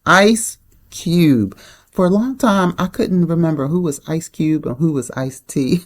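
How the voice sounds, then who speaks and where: A woman's voice: deep voice, a little slow. A woman hosting her own channel, giving blunt, opinionated commentary on the news in a casual way. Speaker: channel host.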